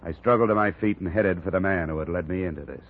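A man's voice: low voice, fast talker. A man narrating and playing a detective in a 1950s radio drama, hard-boiled and clipped. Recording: tinny old radio broadcast.

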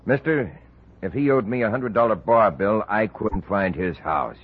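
An actor playing a scared, evasive bartender with a husky voice, whining and defensive, in an old radio drama. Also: male voice, fairly low pitch, lively intonation, moderate pace, narrow, tinny audio. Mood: nervous. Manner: whiny and defensive.

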